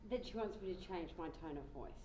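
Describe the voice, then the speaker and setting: A woman's voice: lowish voice, lively intonation, quick pace, mellow, lightly acted. Lady doing a fed-up blunt coworker in a mediation roleplay, echoey room, bit of murmur behind. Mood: frustrated. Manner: blunt, exasperated, explains her grievance. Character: frustrated woman coworker in a dispute. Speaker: role-play participant in a mediation. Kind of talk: mediation role-play. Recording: roomy with faint crowd and noise.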